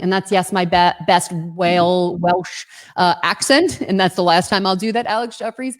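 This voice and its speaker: A woman's voice: on the low side, fairly even intonation, moderate pace. A woman hosting an online webinar, enthusiastic and chatty, telling a story to introduce her guest. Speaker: webinar host.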